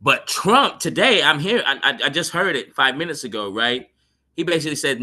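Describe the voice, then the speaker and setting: Bright-voiced rambling panelist man. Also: on the high side, big pitch swings, normal speed. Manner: rambling, many fillers like "you know" and "right?", laughs at his own points. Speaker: podcast panelist. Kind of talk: casual panel discussion.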